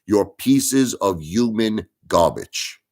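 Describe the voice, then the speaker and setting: A deep-voiced middle-aged man hosting a livestream. He rants with indignation, circles back on his points and keeps pleading with his viewers to listen. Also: animated, slow pace, a little mellow. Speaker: livestream host. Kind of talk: ranting livestream monologue.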